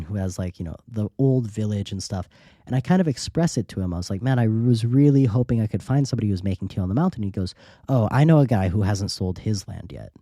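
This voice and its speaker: A man with a low, very dark and mellow voice tells a travel story in a relaxed podcast style. He acts out the lines of the people he met along the way. The sound is dry and close, with no room around it. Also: dry recording. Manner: lively anecdotal storyteller, acts out quoted dialogue. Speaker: podcast host. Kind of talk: casual storytelling.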